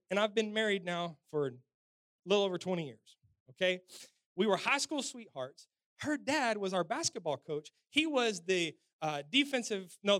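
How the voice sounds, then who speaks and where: Lively man telling a sermon story. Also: sits high, no room sound. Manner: animated, swings loud and soft.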